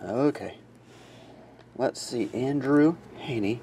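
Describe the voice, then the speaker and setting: A man's voice: lively intonation, unhurried, a little hiss or hum. A sleepy man with a runny nose, casually reading out card names during a box break. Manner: reads out names in a low murmur, chatty asides.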